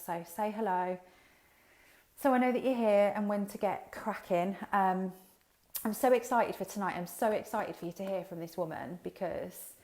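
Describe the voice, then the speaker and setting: Over headphones with a built-in mic, this business coach chats openly with her livestream audience, swearing without hesitation and speaking to them directly in a casual way. She has a mid-range voice with a dark tone.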